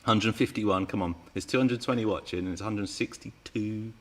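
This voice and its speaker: An RC car channel host speaks at a moderate pace in a lowish male voice. He's running a live Q&A stream, chatting with viewers, reading out their comments, and playfully teasing them.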